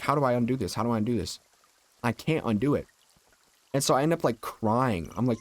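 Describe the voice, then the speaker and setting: A young adult man streaming a video game, chatting casually and rambling through a childhood story with lots of filler words. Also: medium pitch. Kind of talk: casual storytelling while gaming.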